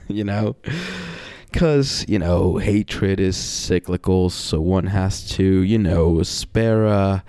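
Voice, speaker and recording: Talking slowly in a low, gravelly voice with a warm tone, a man gives a rambling, casual monologue about himself, peppered with "you know" and frequent swearing. He's wry and reflective, sighing and laughing between thoughts, recorded dry and close without echo.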